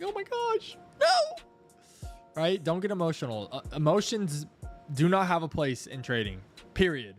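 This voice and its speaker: A young man hosts a live crypto trading stream from a home setup, talking casually into a desk microphone. His voice sits a bit high for a man, and he chats with his viewers and pleads with the chart as it moves. Soft music runs quietly underneath. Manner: chatty, thanks viewers, coaxes the chart aloud.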